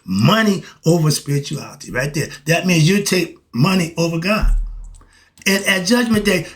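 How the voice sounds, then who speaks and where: An older man giving a preachy spiritual monologue to his viewers, firing rhetorical questions and swinging between loud exasperation and quiet asides. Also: fairly high pitch. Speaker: self-styled spiritual teacher.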